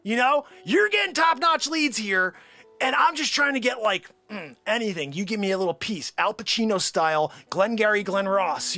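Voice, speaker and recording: Animated, high-voiced comedy host. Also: male voice. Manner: animated, talks fast to the camera crew. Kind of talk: improvised comedy rant.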